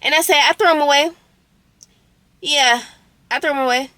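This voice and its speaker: A woman's voice: sits high, moderate pace, pushed and bright, no room sound. A young woman vlogger recounting a roommate conflict in a casual storytime, candid and indignant, with slang and swearing.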